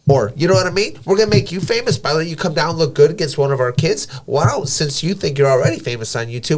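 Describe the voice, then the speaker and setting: A man's voice: on the high side, quick pace. A man, a professional boxer, telling stories on a podcast. He talks bluntly and swears freely, and acts out the dialogue in his anecdotes. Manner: animated storytelling with blunt swearing. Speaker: podcast guest, professional boxer and gym owner. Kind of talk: casual podcast conversation.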